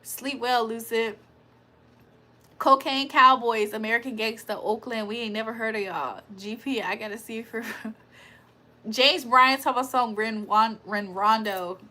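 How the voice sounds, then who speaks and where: A woman's voice: a little high, unhurried, pushed and bright. A woman hosting a casual livestream, joking, laughing and swearing as she reads the chat aloud. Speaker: livestream host.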